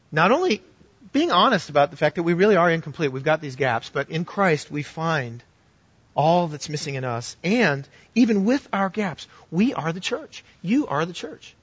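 A man's voice: on the high side, lively intonation, moderate pace, breathy edge, no room sound, highs cut off. Earnest male pastor preaching a sermon. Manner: earnest storytelling with shifts between loud and hushed.

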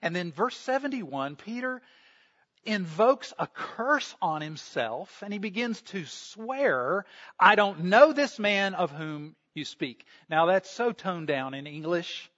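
A man preaches in a high, expressive voice, slipping into the voices of the people in the story he retells. The recording sounds somewhat dull and lo-fi. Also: slow. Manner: storytelling, acts out quoted voices. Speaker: pastor. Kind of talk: sermon.

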